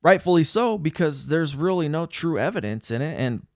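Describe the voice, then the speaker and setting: A man talking casually to camera in a vlog, laughing at himself and telling a story in an animated, self-mocking way. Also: fairly high pitch, moderate pace, no echo, studio quality. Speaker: vlogger.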